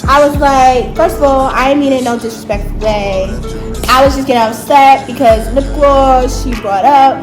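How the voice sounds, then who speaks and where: Woman, late teens, storytime vlogger, emphatic, high-pitched, clear music behind. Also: normal speed, low-quality recording. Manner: animated, emphatic retelling with slang and asides. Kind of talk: storytime narration.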